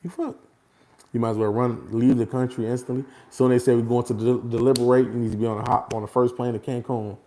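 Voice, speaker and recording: A man talking casually and without a script to his followers, animated and repetitive, often breaking into laughter. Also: medium pitch, quick pace, few pauses. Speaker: vlogger addressing his followers. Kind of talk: casual unscripted monologue.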